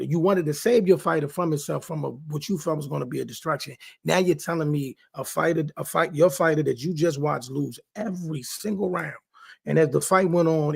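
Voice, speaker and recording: A man's voice: a little high, creaky, slightly rough. A man hosting a sports talk show, giving emphatic casual commentary on boxing and repeating himself for stress. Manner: emphatic, repeats phrases, talks straight to people. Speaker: sports podcast host.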